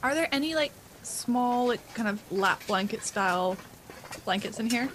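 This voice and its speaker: A woman's voice: fairly high pitch, animated, fairly bright tone, slight background noise. A woman playing a tabletop role-playing game, asking rules questions and describing her character's actions. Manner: quick, questioning. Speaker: player.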